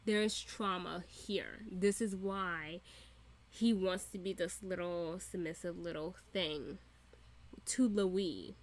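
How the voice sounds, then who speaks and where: A woman's voice: mid-range voice, fairly bright tone. A woman giving casual reaction commentary, emphatic and repetitive, laughing often and swearing freely. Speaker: reaction channel host.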